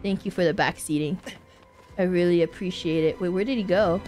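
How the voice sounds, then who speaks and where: A woman streamer talking casually over gameplay, often laughing and yelling at the game. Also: on the low side, a little fast, soft background music.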